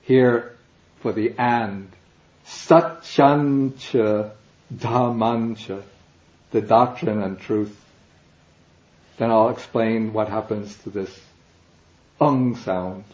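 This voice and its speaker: A man teaching a language class, explaining slowly and patiently, step by step. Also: lowish voice, fairly even intonation, darkish tone. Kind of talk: classroom lecture. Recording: dull, echoey classroom recording.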